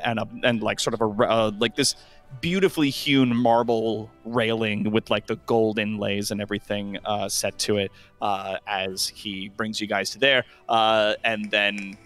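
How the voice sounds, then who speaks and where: A man's voice: mid-range voice, a bit bright. A man narrating a tabletop role-playing game as game master, rambling with lots of fillers.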